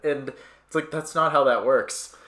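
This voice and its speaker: A young man co-hosts a film podcast in a loose, rambling way. He leans on fillers and quick asides, and his mid-pitched voice carries a roomy echo. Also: sharp tone. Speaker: podcast co-host. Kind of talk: casual film review chat.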